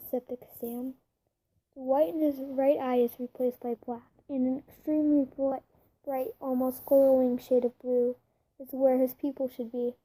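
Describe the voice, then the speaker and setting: Woman reader, fan fiction narration, high but mellow tone, stumbles and self-corrects. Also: low-quality recording.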